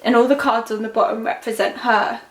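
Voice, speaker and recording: A young woman talks through a tarot reading in a fairly high voice. She is emotional and halting, trailing off and starting again. The room gives her voice a roomy echo. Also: steady tone. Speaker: tarot reader. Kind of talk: channeled psychic tarot reading.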